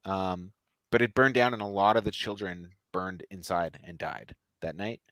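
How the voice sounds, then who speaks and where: A man's voice: sits low, normal speed, a bit bright, dry recording. A man hosting a podcast, telling a story in casual chat with joking, sarcastic asides. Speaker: podcast host.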